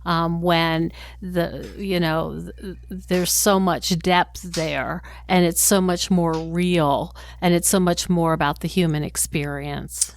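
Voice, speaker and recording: A woman hosting an interview, a therapist who speaks reflectively and pauses to find her words. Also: on the low side, steady tone, no echo. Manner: reflective, searching for words, warm affirming murmurs. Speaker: host, therapist. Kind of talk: interview chat.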